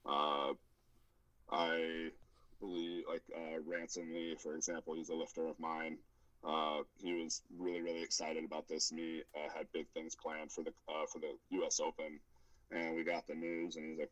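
A man's voice: a bass voice, flat delivery, moderate pace, fairly bright tone, no room sound, low-quality recording. A man coaching powerlifters, chatting casually with many fillers and restarts. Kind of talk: casual podcast chat.

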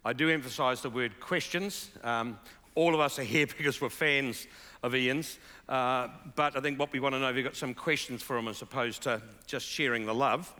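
A man leads an onstage interview, and his bright, forward voice carries through the hall with a long echo. He sounds chatty and upbeat, leaning on ums and uhs as he talks. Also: mid-range voice, normal speed. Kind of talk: onstage conversation. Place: large hall with live audience. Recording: reverberant large hall.

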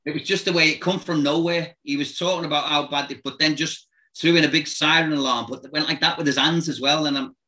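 A former football manager telling lively anecdotes in casual chat, acting out voices and noises and laughing often. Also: male voice, on the high side, fast talker, poor audio.

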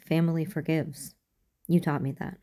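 A woman reading a fan fiction audiobook, voicing a fierce, blunt but tender woman engineer who talks in a brisk way. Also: low-pitched, level tone, mellow, lightly acted. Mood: firm.

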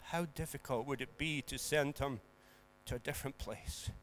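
A man preaching and praying, moving from hushed, tender prayer to loud, emphatic preaching. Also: medium pitch, normal speed. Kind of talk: sermon and spoken prayer.

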